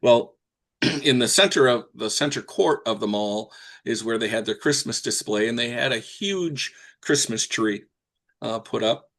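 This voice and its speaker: Gravelly older male storyteller. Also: mid-range voice, a little slow, a bit bright. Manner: folksy, rambling with fillers and restarts. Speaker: professional Santa performer, interview guest. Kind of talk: anecdotal storytelling.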